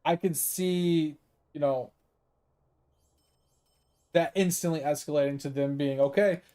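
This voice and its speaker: Animated, profane man telling a story. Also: on the high side, takes it slowly. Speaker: gaming streamer. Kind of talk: casual storytelling while gaming.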